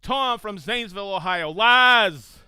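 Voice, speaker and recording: A man's voice: sits high, unhurried, pushed and bright, smooth, no echo, studio quality. An enthusiastic man hosting a casual live stream, chatting and calling out viewers' locations one after another. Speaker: host of a live tool show.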